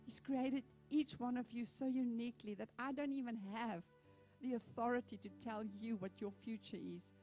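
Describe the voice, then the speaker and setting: High-voiced woman pastor preaching. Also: normal speed, faint music behind. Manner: animated storytelling, conversational. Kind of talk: sermon.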